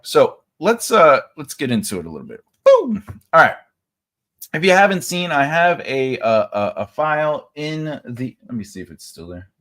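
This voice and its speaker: A man's voice: mid-range voice, big pitch swings, moderate pace, fairly bright tone. A man from the United States giving a casual, rambling live writing lesson, full of fillers and restarts. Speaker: writing teacher.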